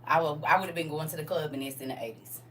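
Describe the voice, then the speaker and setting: A middle-aged woman chatting on a livestream from home, animated and talking straight to her viewers. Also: low-pitched, quick pace, far from the mic, heavy background noise. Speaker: livestream host showing off a custom jacket. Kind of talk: casual livestream chat. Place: at home indoors.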